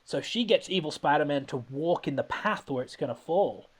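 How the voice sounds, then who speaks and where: A man's voice: a little high, expressive, moderate pace, breathy edge. A man hosting a podcast, recapping a film in casual comedic chat, rambling and laughing often.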